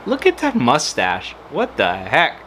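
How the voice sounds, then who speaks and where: A man chats through a personal story for his video channel, drifting and restarting as he goes, with plenty of fillers along the way. His voice sits at an ordinary middle pitch. A faint hum runs under the recording. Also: wildly swooping pitch, a little slow, fairly bright tone. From United States. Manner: rambling, with many fillers and restarts. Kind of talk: casual storytelling vlog.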